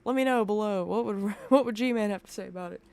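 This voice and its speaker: A woman streamer talking from her room at home in a smooth, clear voice of middle pitch. She rambles and restarts her sentences, swears often, and sounds emotionally raw. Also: a little fast, a little mellow. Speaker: commentary streamer. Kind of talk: casual reaction commentary. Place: home room with open window.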